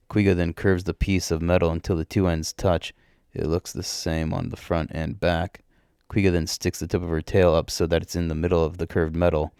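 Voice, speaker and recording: A man voicing a grumpy, sharp-tongued female alien, dry and dismissive. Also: gravelly, no room sound. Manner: dry, dismissive, low-key.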